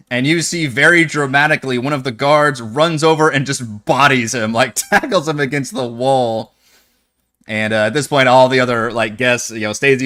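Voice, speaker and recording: A man running a tabletop game as game master, narrating in an animated, loose way with many fillers. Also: medium pitch.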